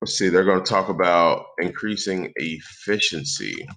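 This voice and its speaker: A man hosting a software tutorial, calmly talking through each step aloud as he types into a document. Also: deep voice, moderate pace, creaky. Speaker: tutorial host. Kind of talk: screen-recorded software tutorial.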